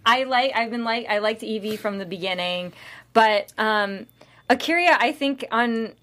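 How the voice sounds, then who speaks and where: A woman's voice: on the high side, very noisy. Chatty woman co-hosting a podcast. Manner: chatty, runs the segments, quick to laugh. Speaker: podcast co-host. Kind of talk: casual panel chat.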